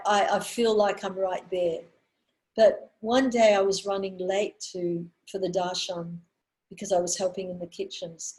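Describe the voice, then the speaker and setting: A woman in her sixties giving a spiritual talk, telling earnest stories with pauses and restarts. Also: mid-range voice, a little mellow, low-quality recording. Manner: earnest storyteller, pausing on fillers and restarts. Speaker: women's minister giving a talk.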